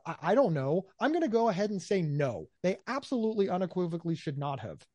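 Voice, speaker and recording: Animated man talking in a dry room. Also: high voice, fast, no echo. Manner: animated, acts out quoted voices, repeats words. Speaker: guest, mental health speaker. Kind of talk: conversational interview answers.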